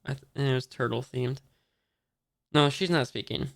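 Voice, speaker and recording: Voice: mid-range voice, moderate pace, vocal fry. A person casually reading a comic chapter aloud, stopping often and forgetting the characters' names. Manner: reads quotes in a near-plain voice. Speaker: manga reader.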